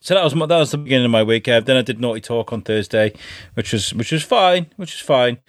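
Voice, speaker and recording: A man's voice: medium pitch, lively intonation, fast talker, no echo. Chatty man, dry close sound. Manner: chatty, swears casually. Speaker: podcast co-host. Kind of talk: casual chat.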